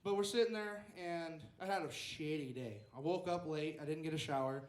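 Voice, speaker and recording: A man's voice: a little high, moderate pace, reverberant. A young man telling a rambling story at an open mic stand-up set, acting out the quotes. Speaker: stand-up comedian. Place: small club stage.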